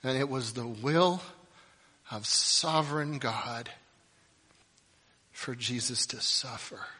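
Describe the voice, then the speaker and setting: A man's voice: medium pitch, takes it slowly, breathy edge. Man preaching in a reverberant hall. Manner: impassioned preaching that swings between loud emphasis and quiet reflection. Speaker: pastor. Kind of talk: sermon.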